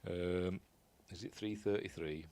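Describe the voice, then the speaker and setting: A man's voice: low voice, steady tone, measured pace, a little mellow, no room sound. A man with a Yorkshire accent giving a casual, rambling commentary while watching a film, often unsure of himself and chuckling at his own asides. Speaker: film reviewer.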